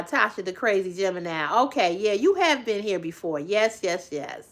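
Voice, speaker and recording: A woman hosting a casual livestream and chatting with viewers about their comments. She teases, laughs often and breaks into loud exclamations. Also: medium pitch, animated, normal speed, few pauses. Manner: chatty, teasing, folksy. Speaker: livestream host.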